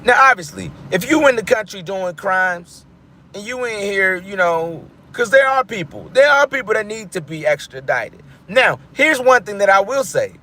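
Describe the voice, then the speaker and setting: A man giving casual commentary to his viewers, rambling and animated, often breaking off mid-thought and restarting. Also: sits high, normal speed, slight background noise. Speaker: vlogger.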